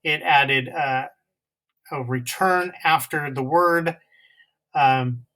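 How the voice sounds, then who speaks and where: Bright-voiced man teaching a coding lesson. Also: a little high, poor audio. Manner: halting, many uh fillers, step by step. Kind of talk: screen-recorded coding lesson.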